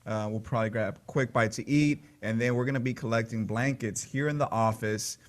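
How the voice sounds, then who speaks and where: A man's voice: mid-range voice, steady tone, a little fast. Friendly man announcing an event. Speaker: podcast co-host. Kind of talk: casual chat.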